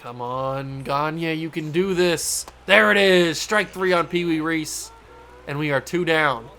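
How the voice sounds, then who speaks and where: Fairly high-voiced man calling a baseball video game. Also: slow, bright, forceful tone. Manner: cheers on his players and corrects himself. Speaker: gaming channel host. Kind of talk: casual play-by-play of a video game.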